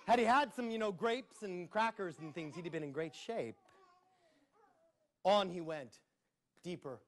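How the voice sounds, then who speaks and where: At a public library, a storyteller spins a playful tale for children, full of sound effects and asides. His voice sits high and is a bit bright, and he keeps a measured pace.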